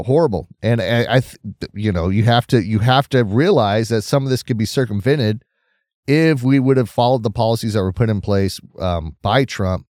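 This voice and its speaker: Low-voiced man in dry commentary. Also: darkish tone, no room sound. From Southern California. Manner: conversational, opinionated, reacts to news aloud. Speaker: host of a news commentary stream. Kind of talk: casual news commentary.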